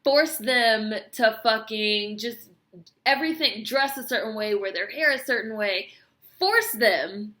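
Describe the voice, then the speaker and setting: A woman's voice: a little high, lively intonation, unhurried, sharp tone. A woman vlogger ranting to camera, profane, sarcastic and mocking, with speech. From United States. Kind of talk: heated rant to camera.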